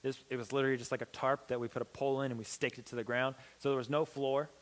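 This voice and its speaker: A young man giving a youth sermon as a pastor, telling a story with lively acted-out dialogue. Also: very fast. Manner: animated, acts out quoted dialogue with big pitch swings. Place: church hall. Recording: long hall reverb.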